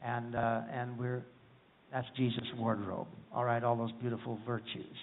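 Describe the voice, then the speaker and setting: A man's voice: medium pitch, level tone, normal speed, long reverb tail, slight background noise. A man preaching a folksy, humorous sermon, often asking the congregation for an amen. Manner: folksy, humorous, calls for amens. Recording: tinny phone-like sound.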